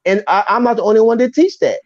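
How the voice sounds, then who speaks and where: A man in a heated casual debate, animated and insistent, repeating words when pressed. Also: sits high, fast, no room sound, muffled recording. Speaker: discussion participant.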